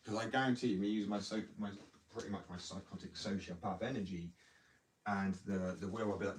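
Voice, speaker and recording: A man's voice: lowish voice, fairly even intonation, fairly quick. A young man rambling heatedly in a casual monologue, with lots of restarts and swearing. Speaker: skater vlogger. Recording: distant mic with faint background noise.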